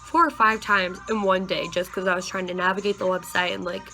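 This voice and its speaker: Chatty bright-voiced young woman vlogger. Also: mid-range voice, steady tone, brisk, faint music behind, rough recording. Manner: chatty, rambling, with many likes and you-knows. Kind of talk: casual vlog chat.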